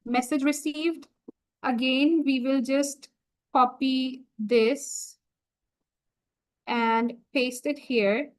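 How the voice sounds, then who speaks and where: A woman walking viewers through a software setup on a screen-share tutorial, talking through each click as she goes. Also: high voice, steady tone, poor audio. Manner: slow, explanatory, talks through each click. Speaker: software trainer.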